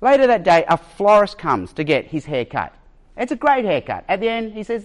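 A male pastor preaching a sermon in an emphatic storytelling manner, sometimes slowing right down and sometimes rushing ahead. His voice is fairly high for a man and very animated, swinging widely in pitch.

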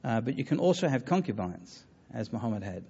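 A man giving a public talk on religion and taking audience questions, earnest and halting, with many fillers and restarts. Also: medium pitch, big pitch swings, dark tone, husky, lo-fi sound. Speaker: lecturer on religion.

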